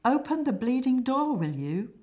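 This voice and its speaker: A woman voicing an exasperated, excitable man in a comic stage play, with shouty, irritated bursts. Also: high-pitched, moderate pace, voice pushed up.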